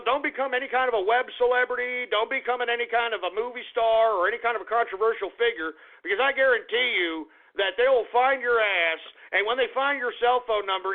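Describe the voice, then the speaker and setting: A man hosting a radio show, ranting crudely with a lot of profanity. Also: high-pitched. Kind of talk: call-in radio rant. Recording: narrow phone-like radio audio.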